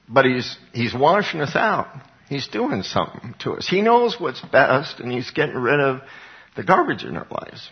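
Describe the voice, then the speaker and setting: A middle-aged man preaching a sermon, telling a personal story with lively swings up into high exclaimed passages. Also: a little slow. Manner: animated storytelling, voice jumping high for acted quotes. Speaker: pastor. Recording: dull lo-fi recording.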